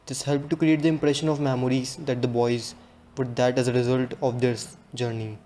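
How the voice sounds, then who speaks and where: Mellow-voiced man reading a class presentation. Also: mid-range voice, little pitch movement, a little fast, a little hiss or hum. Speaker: student presenter. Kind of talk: read-aloud class presentation.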